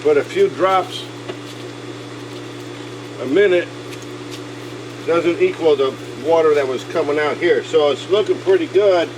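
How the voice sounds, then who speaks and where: A slightly high-voiced older man, speaking a little slowly and pausing often, narrates a casual pool fix outdoors over background noise. As a DIY video host in how-to vlog mode, he grumbles folksily, talks to himself while working, and sometimes runs short of breath.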